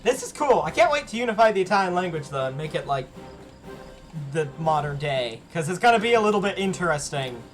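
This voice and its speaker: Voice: mid-range voice, big pitch swings, a little fast, soft background music. A streamer chatting casually while playing a strategy game, often reading on-screen text aloud. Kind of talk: casual live game commentary.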